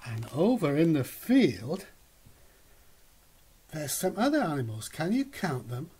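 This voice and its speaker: A man reads a children's picture book aloud, taking his time over every line. His voice is husky and a little higher than most, and he lets it swoop up and down like a storyteller. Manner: slow, animated storytelling. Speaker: reader.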